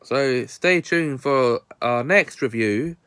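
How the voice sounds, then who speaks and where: British guy reviewing an old film, slow easy talk, clean dry sound. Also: medium pitch, a bit bright, smooth, no echo. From Britain.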